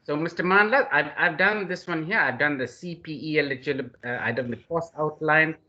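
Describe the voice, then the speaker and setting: Bright, effusive male lecturer. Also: on the high side, fairly quick. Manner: effusive, addresses the other man by name constantly. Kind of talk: online class hosting. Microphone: video call. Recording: dull lo-fi video call audio.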